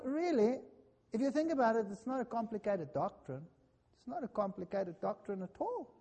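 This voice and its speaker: A man preaching a sermon, telling a personal story in an earnest, dramatic way that swings between loud and hushed. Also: extremely high pitch, long reverb tail.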